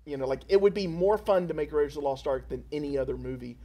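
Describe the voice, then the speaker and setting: A man's voice: a little high, quick pace, dark tone. A man hosting a casual chat, talking enthusiastically and loosely after a screening. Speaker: host.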